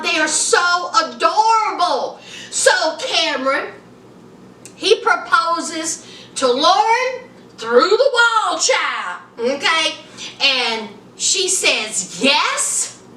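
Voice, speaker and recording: A woman's voice: extremely high pitch, sharp tone, slight background noise. A woman chatting sassily about a TV show, calling her viewers honey and child. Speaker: show reviewer. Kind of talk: casual TV review chat. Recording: echoey room, mic at a distance.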